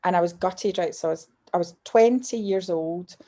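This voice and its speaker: A Scottish woman in her fifties, a guest telling lively stories in casual chat, often breaking off and restarting her sentences. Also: fairly low pitch, moderate pace. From Scotland. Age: 50s. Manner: lively storyteller, self-interrupting and restarting. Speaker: guest, business mentor and author.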